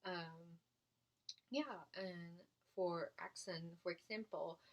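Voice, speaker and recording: Slow, hesitant woman flute teacher. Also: lowish voice. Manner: slow, hesitant, many fillers. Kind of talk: beginner music lesson.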